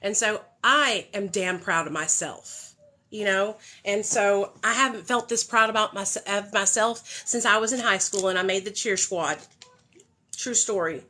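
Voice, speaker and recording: Candid bright-voiced young woman livestreaming. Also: medium pitch, unhurried. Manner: heartfelt, candid, swears freely. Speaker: livestream host. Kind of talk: casual livestream talk.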